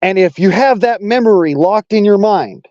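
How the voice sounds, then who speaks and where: A man's voice: sits high, expressive, normal speed, mellow, dry recording, muffled recording. A man from Arkansas with a Southern accent, hosting a casual political monologue in a blunt, profane, rambling way. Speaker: online talk show host.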